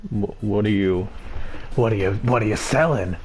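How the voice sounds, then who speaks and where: A man's voice: fairly low pitch, moderate pace, darkish tone, soft background music. A man streaming a game live, giving sarcastic, mocking commentary on what he sees.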